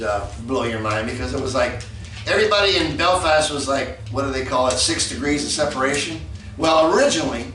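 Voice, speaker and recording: A man hosting a record review show, talking in casual, excitable hip sixties slang. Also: on the high side, distant mic. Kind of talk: casual enthusiastic monologue. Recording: roomy echo, off-mic, faint noise.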